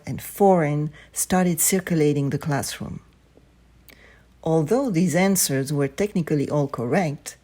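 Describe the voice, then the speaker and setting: Low, mellow woman narrating a story. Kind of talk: reading stories aloud.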